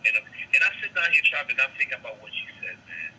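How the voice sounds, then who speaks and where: Forceful, raspy man; indignant profane storyteller. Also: a little high, lively intonation, fast, poor audio. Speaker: guest, transit officer. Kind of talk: heated storytelling in casual chat.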